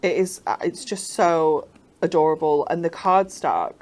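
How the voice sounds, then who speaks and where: A woman's voice: deep voice, unhurried, darkish tone. A woman co-presenting craft products, gushing with admiration. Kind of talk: enthusiastic product demonstration.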